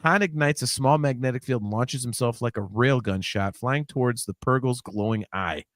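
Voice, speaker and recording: A man co-hosting a podcast in casual chat, excitable and laughing often as he reads a script aloud. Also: medium pitch, moderate pace, no echo, clean studio sound. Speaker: podcast co-host.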